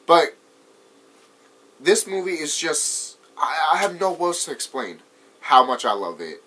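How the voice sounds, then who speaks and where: A young man with an American accent talks through a movie review in a loose, rambling way. His voice is bright and edgy, sits a bit high, and swings up and down a lot as he gets worked up. He laughs often and swears freely. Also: very animated, slow pace. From United States. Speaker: vlogger. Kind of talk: casual movie review vlog.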